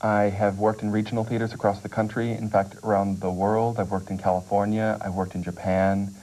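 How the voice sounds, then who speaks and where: A man's voice: on the low side, flat delivery, fairly quick, mellow, low-quality recording. A man who acts on stage, a guest in a TV studio interview, explaining things steadily. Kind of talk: casual TV interview.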